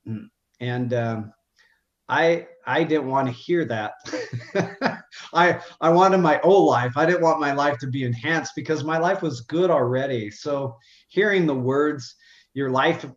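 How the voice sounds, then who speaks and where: An earnest middle-aged man recounts a personal story in an unhurried, halting way, often restarting his sentences. His voice sits at an ordinary pitch. The recording has a roomy echo and a slightly dull, muffled top end. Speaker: guest telling his story.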